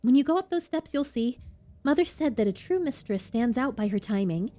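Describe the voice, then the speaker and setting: A woman voicing a dreamy, wistful fifteen-year-old girl in a high, airy voice. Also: animated, a little fast, warm tone, close to an everyday voice.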